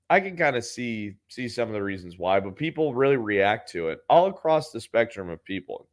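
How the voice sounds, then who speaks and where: A man hosting a podcast, telling a story in a casual, sardonic and profane way. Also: on the low side. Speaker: podcast host.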